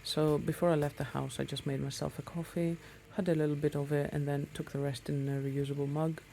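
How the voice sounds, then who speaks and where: A female motorcycle vlogger rides along talking casually to camera, rambling and saying um often. Her voice is low, creaky and warm, quick-paced with little pitch movement, over a slight hiss or hum.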